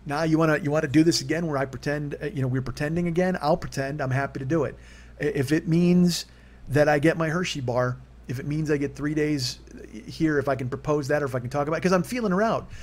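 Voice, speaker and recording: A slightly high, darkish voice belongs to a man in his forties speaking fast in a confessional solo monologue. He rambles candidly through a personal story, and his pitch jumps when he gets worked up.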